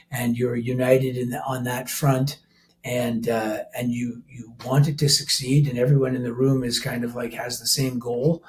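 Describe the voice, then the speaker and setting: An older man from Canada with a medium-pitched, darkish voice talks casually as a podcast guest about his life as a rock band vocalist and keyboardist. He meanders, often starts sentences over and laughs without much prompting.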